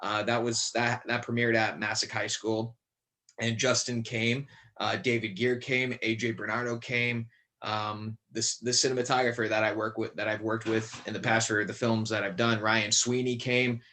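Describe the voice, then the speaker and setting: A man's voice: on the low side, flat delivery, normal speed, sharp tone. A man guesting on a podcast, chatting casually about acting and horror films, rambling with many fillers and restarts. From Connecticut. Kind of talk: casual chat.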